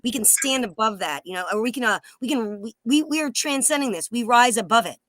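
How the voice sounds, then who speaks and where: A woman's voice: fairly high pitch, lively intonation, brisk, fairly bright tone, no room sound. A woman with a New Jersey accent, talking heatedly and emphatically in a casual chat, with a sarcastic edge.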